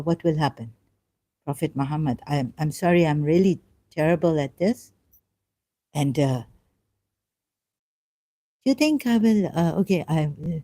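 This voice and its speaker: Woman on a livestream, halting and full of ums, lowish mellow voice, fires off rhetorical questions. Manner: hesitant, halting, with frequent fillers and apologies. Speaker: livestream host. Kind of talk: casual live-stream talk on religion.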